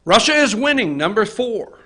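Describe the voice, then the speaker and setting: A man hosting a political opinion show from an office, talking to the camera in a fired-up, profane rant and often shouting. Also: high voice, very animated, moderate pace. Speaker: host. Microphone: facing camera.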